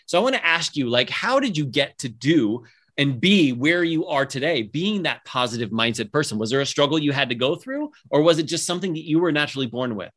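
An upbeat man hosting a casual podcast interview, his voice sitting a little high for a man. He is middle-aged and from Southern California, and he talks with eager energy, dropping in plenty of ums. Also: expressive, brisk, fairly bright tone. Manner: upbeat, enthusiastic, many fillers. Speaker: podcast host.

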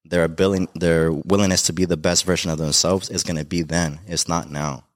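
A man's voice: sits low, flat delivery, a little fast, no echo, studio quality. A young man from Mexico, a podcast guest, talking in a heartfelt, rambling way with many fillers about being a dad. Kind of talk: emotional casual conversation.

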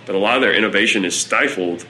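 A man, an executive director, telling a story in a conversational interview, with hesitant pauses. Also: lowish voice, sharp tone, slight background noise, rough recording.

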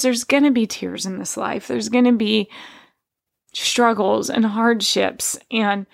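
A woman's voice: a little high, slow, creaky. A woman hosting a podcast, sharing a personal story in a candid, heartfelt, conversational way. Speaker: podcast host.

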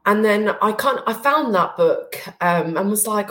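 A woman who runs a business, speaking as a podcast guest, emotional and halting, with many fillers. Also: mid-range voice, fairly bright tone. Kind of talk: casual interview chat.

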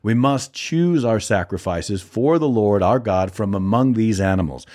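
A man's voice: fairly low pitch, lively intonation, measured pace, darkish tone. A man reading aloud the lines of a steadfast prophet and leader, in a firm, earnest tone.

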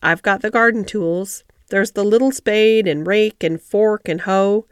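A woman's voice: mid-range voice, unhurried, smooth, dry recording, studio quality, lightly acted. A woman voicing a cheerful country boy, talking in an easy, broad dialect. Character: cheerful country boy who talks to animals.

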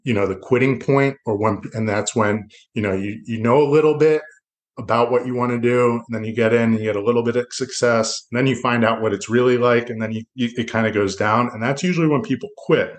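A man's voice: mid-range voice, fairly quick. A middle-aged man from South Florida, a loan officer talking as a podcast guest in a reflective, rambling way with many restarts. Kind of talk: casual interview talk.

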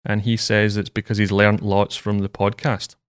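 A man's voice: fairly low pitch, monotone, normal speed, clean tone, no echo. Chatty man hosting a podcast. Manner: chatty storyteller with fillers. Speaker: podcast host. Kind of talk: casual podcast chat.

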